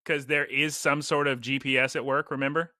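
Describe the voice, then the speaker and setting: Male podcast host, bright, forceful voice, animated storyteller, dry studio sound. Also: mid-range voice, brisk, dry recording. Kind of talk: casual podcast chat.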